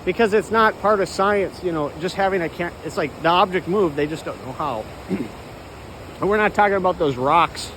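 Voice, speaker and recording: Brief: high-voiced man, rambling walk-and-talk, frequent throat clearing, faint hiss behind. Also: moderate pace, a bit bright, poor audio. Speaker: vlogger. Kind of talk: rambling monologue while walking. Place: outdoors, walking.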